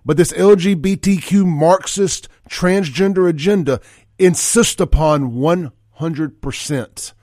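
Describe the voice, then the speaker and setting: Fired-up talk radio host. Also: male voice, fairly high pitch, slow, a little mellow. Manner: blunt, fired-up, folksy.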